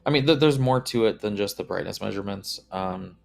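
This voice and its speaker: A man who is a guest expert on a tech livestream, talking in a measured way with many "uh"s and "um"s. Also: on the low side, creaky. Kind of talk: casual livestream chat.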